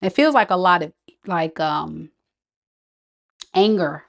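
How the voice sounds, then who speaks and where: A woman's voice: fairly low pitch, slow, gravelly. A woman giving a live tarot reading, talking casually and reacting to viewer comments. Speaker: tarot reader.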